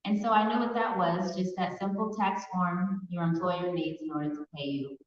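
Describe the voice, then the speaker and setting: A woman from Pasadena, California, giving personal testimony as a survivor speaker in a large hall, telling her story earnestly with hesitant pauses. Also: on the low side, steady tone. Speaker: survivor speaker at an awareness event. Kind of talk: personal testimony in a public talk. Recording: echoey hall from far off, dull sound.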